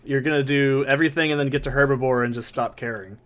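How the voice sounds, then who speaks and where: A man riffing over a let's play in a loose, rambling way, swearing freely and breaking into mock rants. His voice sits at an ordinary male pitch, close on a desk condenser mic in a soundproofed home corner. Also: steady tone, quick pace. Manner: rambling, profane, mock-ranting. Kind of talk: casual gameplay commentary. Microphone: desk condenser mic with pop filter.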